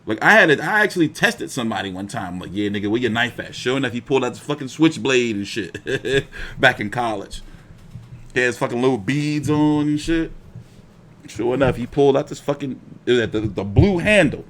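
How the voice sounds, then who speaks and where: A man's voice: medium pitch, fairly quick. A young man hosting a boxing live stream, telling stories in casual, profane slang. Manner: profane, animated storytelling with slang.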